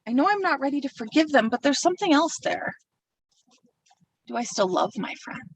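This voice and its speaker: A woman's voice: sits high, sing-song, normal speed, far from the mic, slight background noise, rough recording. A woman delivering a sermon from a pulpit, reflective and personal, speaking her feelings aloud as she works through them. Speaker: minister.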